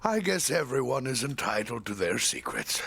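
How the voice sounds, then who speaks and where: An actor voicing an impatient man who hurries others along, with a gravelly voice. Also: mid-range voice, big pitch swings, moderate pace, fairly bright tone, soft background music, full character voice.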